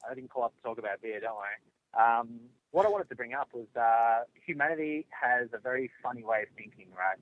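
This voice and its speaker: A man's voice: mid-range voice, fairly quick. An Australian man calling in to a talk show, chatty and blunt. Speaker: caller. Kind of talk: phone-in call. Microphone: phone. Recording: tinny phone line.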